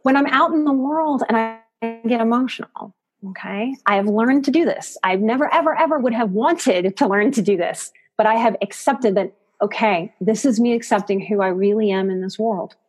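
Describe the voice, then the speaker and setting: On a podcast with soft background music, a psychotherapist and life coach speaks at a moderate pace in a slightly rough voice pitched a little high. In this conversational interview she's expressive and emphatic, repeating words to stress them.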